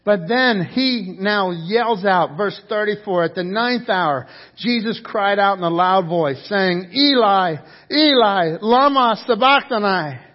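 A man's voice: high voice, slow pace, highs cut off. A man preaching a sermon, passionate and emphatic, often repeating words as his intensity rises and falls. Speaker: pastor.

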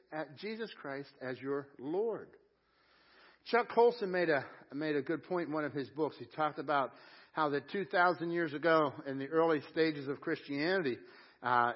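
A man preaching a sermon at a live church service, earnest, slowing down to stress each scripture line. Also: fairly high pitch, dull audio. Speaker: pastor.

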